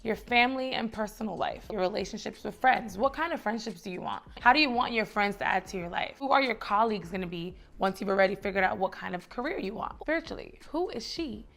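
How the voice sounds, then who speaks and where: A woman's voice: medium pitch, lively intonation, quick pace, vocal fry, hardly any pauses, fairly bright tone. A young woman from the Bronx, giving chatty, encouraging advice straight to camera and calling her viewers baby and sis. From the Bronx, New York. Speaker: lifestyle vlogger. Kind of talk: casual direct-to-camera advice.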